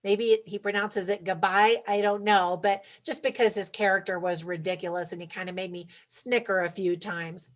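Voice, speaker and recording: A woman's voice: medium pitch, fairly even intonation, moderate pace, hardly any pauses. A chatty woman in a mid-range voice gives her casual take on a film. She sounds upbeat and talks right to the viewer, laughing lightly now and then. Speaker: movie reviewer. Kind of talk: casual movie review vlog.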